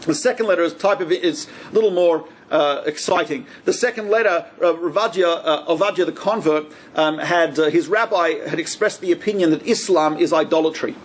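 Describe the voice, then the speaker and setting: A man, a rabbi, giving a lively lecture on religious law and acting out quoted speech with humor. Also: a little high, fairly quick, few pauses, slight background noise. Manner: lively, joking storyteller who acts out quoted speech.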